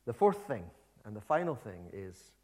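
A man preaching a sermon in a conversational, animated storytelling manner, with restarts and light asides. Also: lowish voice, normal speed.

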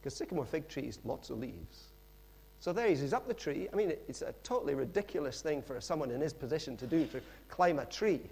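A middle-aged man preaching a sermon in a lively, conversational storytelling manner with frequent asides. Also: a little high, a little fast, gravelly, slightly rough.

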